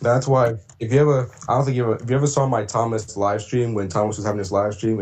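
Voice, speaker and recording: A man chatting casually on a livestream about doing voice impressions, rambling with many fillers and throat clears. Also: on the low side, a little mellow. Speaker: streamer and voice impressionist.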